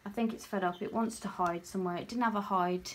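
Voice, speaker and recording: A young British woman in a casual home vlog, showing off her new pet tarantula and often slipping into a high, slow baby voice to coo at it. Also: steady tone, slight background noise. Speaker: vlogger showing her pets.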